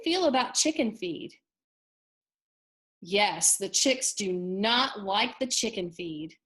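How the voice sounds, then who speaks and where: A woman teacher reads a story aloud to young children. Her pitch sits in the middle and swings widely, and she keeps pausing to ask expressive questions. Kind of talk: read-aloud reading lesson.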